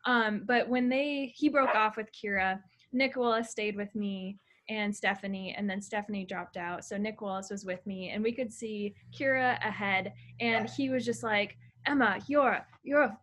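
A woman's voice: medium pitch, fairly even intonation, normal speed, fairly bright tone. Young woman, casual podcast guest, chatty, laughs a lot. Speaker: guest runner.

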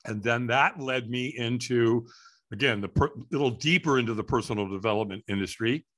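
A middle-aged man telling a story as an interview guest, lively and acting out the voices of people in it. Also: mid-range voice, fairly quick. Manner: animated, acts out voices in his story. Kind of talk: storytelling in conversation.

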